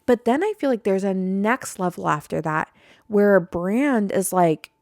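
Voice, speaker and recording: A woman's voice: medium pitch, lively intonation, unhurried, a little mellow, dry recording, clean studio sound. A young woman hosting a casual podcast, rambling and swearing freely as she vents to her listeners. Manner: rambling, profane, fired-up. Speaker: podcast host.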